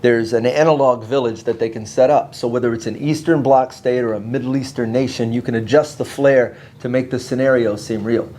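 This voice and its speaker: Man, travel vlog host, wry joking narration, mid pitch, faint hiss. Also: steady tone, fairly quick, hardly any pauses, mellow.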